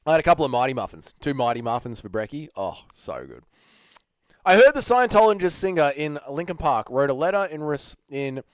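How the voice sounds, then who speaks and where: An Australian man hosting a livestream, hungover and low on energy, chatting casually, swearing, and reading viewer messages. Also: very animated, fairly quick, smooth, no echo, clean studio sound. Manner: laid-back, sweary, laughs easily. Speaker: livestream host.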